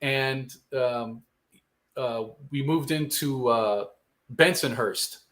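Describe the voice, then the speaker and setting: A man's voice: mid-range voice, slow, a bit bright. A man, a guest telling a long rambling story in casual, profane street slang. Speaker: guest musician.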